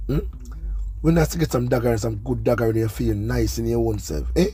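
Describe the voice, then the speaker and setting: Man, Jamaican accent, husky voice, dark tone, chatty gossip commentary. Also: mid-range voice, fairly quick. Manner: chatty, repeats "you see me I say", scolding. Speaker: gossip channel host. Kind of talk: casual commentary monologue.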